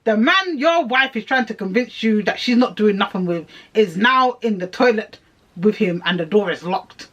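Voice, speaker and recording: A young woman giving a casual, sweary TV recap, animated and laughing as she slips into character voices. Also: mid-range voice, moderate pace, muffled recording. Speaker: YouTube reviewer.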